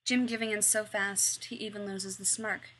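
A woman narrating a story aloud in an expressive, wry reading style. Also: mid-range voice, normal speed, a little hiss or hum. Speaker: reader. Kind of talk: audiobook narration.

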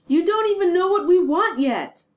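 A woman voicing an excitable, hot-headed teenage schoolboy wizard in an amateur audio drama, talking loud and eager. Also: very high-pitched, normal speed. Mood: indignant.

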